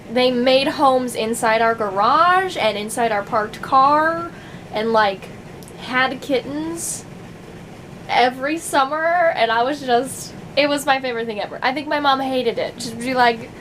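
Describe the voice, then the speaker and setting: A woman's voice: high-pitched, unhurried, a bit bright, slight background noise, rough recording. A young adult woman vlogging in casual chat to camera, rambling with many fillers and frequent laughs.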